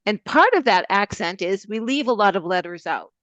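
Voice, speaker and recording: A woman from Boston hosts a casual podcast interview in an upbeat, conversational manner, with plenty of "um"s along the way. Her voice sits at a middle pitch. The recording is close and dry, with a slightly muffled, lo-fi sound. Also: animated, moderate pace, fairly bright tone, no echo. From Boston, USA. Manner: upbeat, conversational with frequent fillers. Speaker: podcast host.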